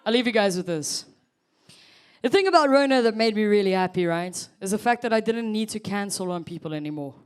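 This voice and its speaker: A woman's voice: mid-range voice, animated, brisk, smooth. A South African woman in her thirties performing a chatty stand-up set, teasing the audience. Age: 30s. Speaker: stand-up comedian.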